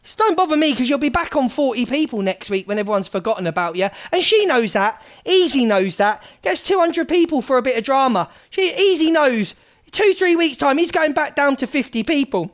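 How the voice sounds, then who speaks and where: A woman hosting a live stream, ranting scathingly at rivals, mocking them and swinging from loud outbursts to low mutters. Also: very animated, brisk. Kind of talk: heated live-stream rant.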